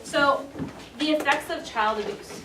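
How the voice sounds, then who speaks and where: A woman's voice: sits high, measured pace. A woman teaching a class, upbeat and encouraging, playfully hyping the lesson. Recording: echoey room, mic far off, noisy.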